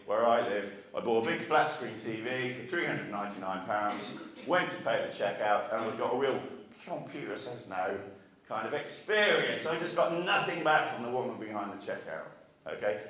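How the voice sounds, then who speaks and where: This marketing speaker, medium-pitched with a fairly bright tone, talks to a live audience at a regional meeting. Chatty in style, he throws rhetorical questions at the room, and the recording has hall echo from a distant mic.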